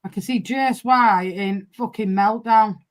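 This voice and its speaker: A woman's voice: mid-range voice, unhurried, a little hiss or hum. A woman with a Northern English accent hosting a football watchalong live stream, chatting casually and bluntly with a lot of swearing. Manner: blunt, sweary, repeats "I can't lie".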